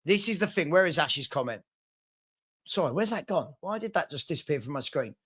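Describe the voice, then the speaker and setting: A man's voice: fairly high pitch, lively intonation, fairly quick, a bit bright, breathy edge. A man hosting a casual football live stream, talking in exasperated bursts with many stumbles and repeated phrases. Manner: exasperated, repetitive, stumbling restarts. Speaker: football channel host.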